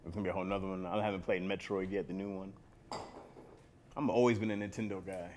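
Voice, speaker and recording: A man's voice: deep voice, steady tone, fast, darkish tone, slight background noise. A man co-hosting a comedy podcast, chatting casually and telling jokey stories where he acts out other people's voices. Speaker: podcast co-host.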